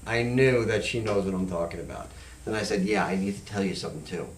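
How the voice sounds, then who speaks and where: A man's voice: low voice, fast. A man, a psychic hosting a talk show, telling stories casually and acting out the voices in them. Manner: animated, acts out the voices in his stories. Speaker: host and psychic medium. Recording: echoey room, far from the mic, faint noise.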